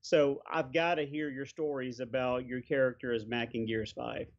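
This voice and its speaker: A man's voice: medium pitch, flat delivery, normal speed. A man hosting a casual interview, rambling and hesitant as he leads into his questions. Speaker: podcast host. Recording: dull lo-fi sound.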